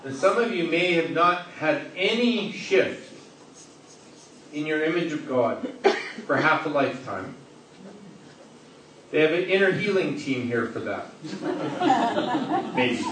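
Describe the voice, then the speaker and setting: A man's voice: on the high side, animated, slow pace, long pauses, a bit bright. A man giving an interactive sermon to a live audience, playful and joking as he questions people in the room. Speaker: preacher. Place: large hall with a live audience. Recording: echoey hall, distant, noisy.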